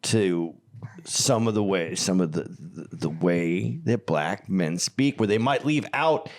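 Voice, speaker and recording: A man co-hosting a podcast, making his points in a measured, reasoning way with hesitant restarts. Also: deep voice, animated. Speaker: podcast co-host. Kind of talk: casual podcast chat.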